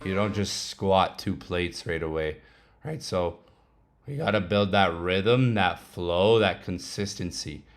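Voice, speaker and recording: A young man with a low, deep voice talks through his trading charts in a loose, chatty vlog. His speech is slangy and relaxed, with quick laughing asides. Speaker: trading vlogger.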